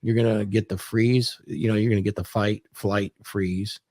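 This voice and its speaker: A man's voice: fairly low pitch, fairly even intonation, moderate pace, a little mellow, no echo, studio quality. A man appearing as an author on a podcast, explaining his ideas in a lecturing, casual way.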